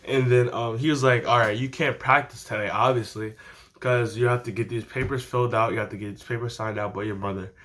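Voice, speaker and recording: A teenage boy chats straight to camera in a loose, animated story-time ramble. His voice sits at a middle pitch, and he breaks into laughter as he goes. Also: a little fast. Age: teens. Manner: animated, slangy, laughs often. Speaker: vlogger.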